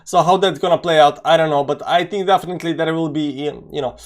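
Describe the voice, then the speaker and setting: A young man hosts a daily live stream in a loose, conversational way, greeting viewers by name as he talks. His speech is full of "you know" fillers and restarts. His voice sits somewhat higher than most men's. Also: steady tone, fast talker. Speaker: crypto market show host. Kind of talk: live-stream market chat.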